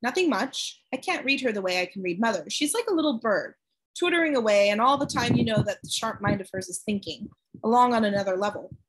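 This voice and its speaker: A woman's voice: fairly high pitch, lively intonation, fairly quick, background noise, natural voice. Woman voicing a small breathless boy. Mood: earnest. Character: small frail boy, calm and perceptive.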